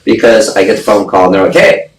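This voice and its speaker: Low-voiced man telling a blunt story. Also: fairly even intonation, quick pace. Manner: blunt, profane, acts out quoted voices. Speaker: podcast guest. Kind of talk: casual storytelling interview. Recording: echoey room, distant mic, faint noise.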